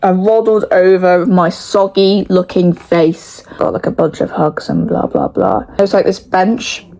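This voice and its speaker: A woman's voice: fairly low pitch, animated, measured pace, creaky, dark tone, low-quality recording. A young woman in her late teens with an English accent, telling stories to camera in rambling, frank, sweary casual talk full of "like". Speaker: vlogger. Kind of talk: casual chatty storytelling.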